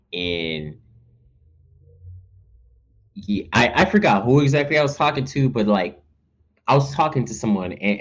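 A man's voice: deep voice, highs cut off. A man co-hosting a podcast, rambling in casual chat with lots of restarts and acted-out asides. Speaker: podcast co-host.

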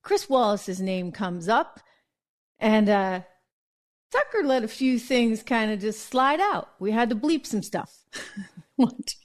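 A woman hosting a political commentary show, telling stories in a chatty, animated way. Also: on the high side, takes it slowly. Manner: chatty, animated storytelling with laughs. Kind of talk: casual news commentary.

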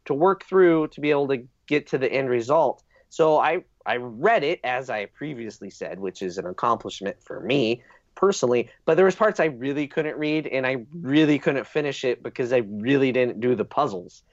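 A man's voice: mid-range voice, animated, moderate pace, no echo. A man hosting a casual podcast, joking about himself in a loose chatty way. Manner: self-deprecating, joking. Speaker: podcast host. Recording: dry, dull lo-fi audio.

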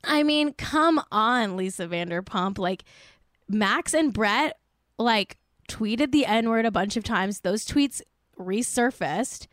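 A woman's voice: on the high side, lively intonation, takes it slowly, fairly bright tone, no echo, clean studio sound. A woman giving exasperated, sarcastic commentary in a casual vlog, filling her talk with "like".

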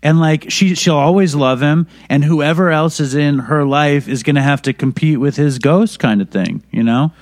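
A man's voice: fairly high pitch, moderate pace, hardly any pauses, no room sound, studio quality. Candid, profane man telling stories. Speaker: podcast guest. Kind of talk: casual conversation.

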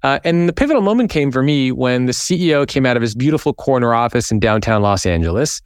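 Lively, smooth-voiced man telling a story. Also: mid-range voice, fast talker, no echo, clean studio sound. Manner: animated storyteller, acts out quoted voices. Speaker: guest. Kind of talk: storytelling in a podcast interview.

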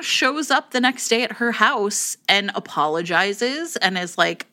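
Chatty bright-voiced woman telling a story. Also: medium pitch, a little slow, hardly any pauses. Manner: chatty, animated storytelling with acted quotes. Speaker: podcast co-host. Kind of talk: casual chat about romance novels.

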